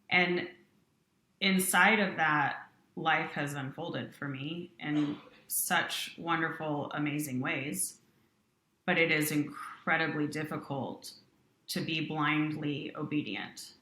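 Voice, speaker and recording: A woman's voice: low voice, slow pace, reverberant. A woman, a company president, earnestly telling a personal story in an interview, voicing the people in it as she goes. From Utah. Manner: earnest, animated storytelling with quoted voices.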